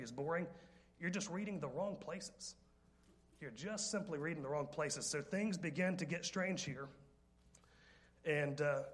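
A male preacher with a fairly high voice tells a story from the pulpit. He jokes, wanders into asides and teases the congregation before getting back on track. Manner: lively, joking, rambling with asides. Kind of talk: sermon storytelling.

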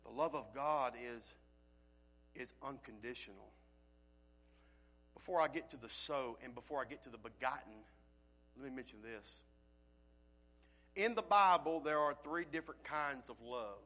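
A male pastor preaching a sermon with folksy phrasing, swinging from loud calls to quiet, low passages. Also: expressive, unhurried, long pauses.

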